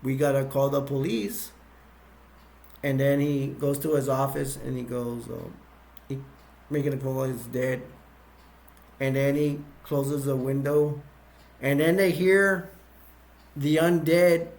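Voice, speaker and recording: A man reviewing a movie by retelling its plot in a rambling, halting way, with many restarts. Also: mid-range voice, level tone, creaky, darkish tone.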